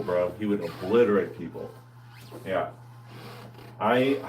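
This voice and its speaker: Recorded from a distance, an American man with a fairly low voice answers live viewers on his fitness vlog. He is relaxed and slangy, laughing a lot as he chats.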